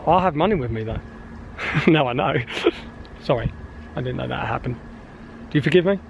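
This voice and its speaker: A man's voice: mid-range voice, expressive, normal speed, creaky, slight background noise, low-quality recording. A man chatting casually for a family vlog outdoors in the snow, teasing and laughing often. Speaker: vlogger.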